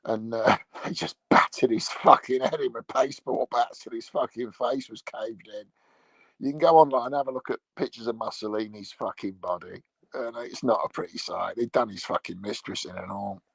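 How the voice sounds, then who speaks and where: Sprawled on a bed at home, a middle-aged English livestreamer talks crudely and aimlessly to his viewers, cursing as he goes. The dry recording carries a medium-pitched, gravelly voice with a breathy edge at a moderate pace.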